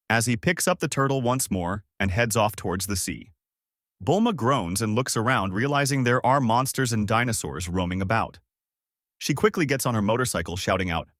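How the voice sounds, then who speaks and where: A man reads a fan-made adventure story aloud with a low voice. His reading is animated, with lively swings in pitch. The recording is dry and close. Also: moderate pace, dry recording.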